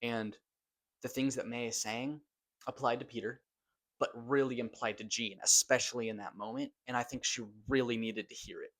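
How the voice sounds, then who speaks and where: A man's voice: medium pitch, steady tone, moderate pace, fairly bright tone. Gushing casual male film reviewer. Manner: gushing, casual, swears for emphasis. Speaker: movie reviewer.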